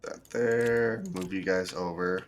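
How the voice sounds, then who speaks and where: A man streaming a building game, thinking aloud in relaxed commentary as he sorts items and plans what to build. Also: deep voice, slow pace, a little hiss or hum. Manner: thinks aloud, with fillers and restarts. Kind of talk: casual gameplay commentary.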